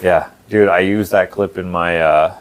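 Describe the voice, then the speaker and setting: A man's voice: deep voice, fairly even intonation, measured pace. Rambling young man co-hosting a chat show. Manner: rambling, laughs often, drops into playful impressions. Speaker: podcast co-host. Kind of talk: casual chat.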